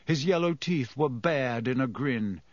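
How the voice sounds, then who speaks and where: A man reading a story aloud in measured scripted narration. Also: medium pitch, expressive, no echo. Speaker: audiobook narrator.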